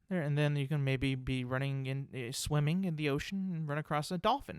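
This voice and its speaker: A young man talks through a solo comedy podcast with a slightly high-pitched voice. He wanders and hedges with plenty of fillers, poking fun at himself. The sound is dry and close, with no room around it. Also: fairly even intonation, a little fast, few pauses, smooth, no room sound. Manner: rambling, filler-heavy, self-deprecating. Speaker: podcast host.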